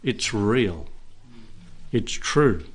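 A man preaching a sermon and leading a prayer in a church, earnest and emphatic, with long pauses. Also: lowish voice, very animated, slightly rough.

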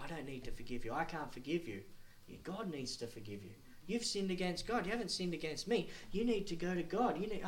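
A man preaching a sermon, moving between quiet, low storytelling and loud, insistent warning. His pitch rises and falls widely as he works up to his points. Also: a little hiss or hum. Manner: storytelling, rising to emphatic preaching.

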